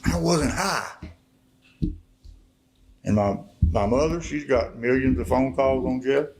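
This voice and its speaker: A man's voice: medium pitch, slow, a little mellow, slight background noise, poor audio. A middle-aged man, from Arkansas, telling his life story as a guest speaker in a church service. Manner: folksy storytelling, swelling to impassioned preaching. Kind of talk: testimony sermon.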